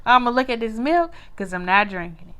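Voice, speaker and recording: Mom co-host, bright sharp voice, high, teasing and playful. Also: female voice, big pitch swings, a little fast, clean tone. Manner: teasing, playful, country-talking. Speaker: podcast co-host. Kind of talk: casual chat.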